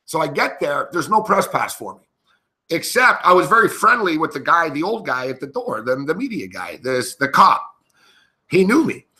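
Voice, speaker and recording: A brash middle-aged man tells a sports story to his live chat, swearing freely and laughing between lines. His voice is very bright and cutting and sits a bit high for a man. He talks in loose, casual bursts, like a host riffing. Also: sing-song, normal speed. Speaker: sports betting show host.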